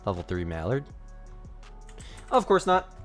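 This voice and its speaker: A man streaming a hunting game live, with a voice that swoops up and down a lot as he chats. He also breaks off to scold his dog. Faint music plays softly underneath. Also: lowish voice, wildly swooping pitch, a little slow. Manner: chatty, talks to his dog between shots. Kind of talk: casual live-stream commentary.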